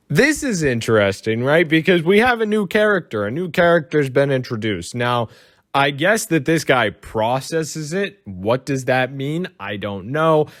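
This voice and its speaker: A man's voice: a little high, expressive, a little slow, no room sound, studio quality. A man from the United States giving casual, rambling reaction commentary and swearing freely. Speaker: commentary YouTuber.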